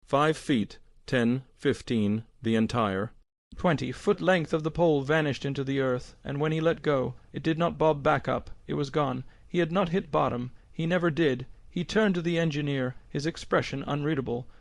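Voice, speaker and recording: A man narrating an audiobook in a measured, grave storytelling manner. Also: a little high, creaky, no room sound. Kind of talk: scripted narration.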